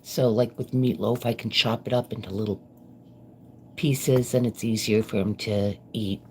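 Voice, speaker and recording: Low-voiced middle-aged woman rambling to her live viewers while she chops, kitchen clatter behind her. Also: steady tone, normal speed, mellow. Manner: chatty, rambling, addresses viewers. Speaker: live-stream cooking vlogger. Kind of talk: casual chat while cooking live. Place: home kitchen. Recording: kitchen noise under the voice. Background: chopping and kitchen clicks.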